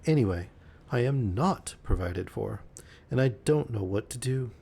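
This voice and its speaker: A man's voice: medium pitch, expressive, measured pace, vocal fry, warm tone, slightly rough, full character voice. A man reading aloud and voicing a lonely, wistful young woman who turns teasing.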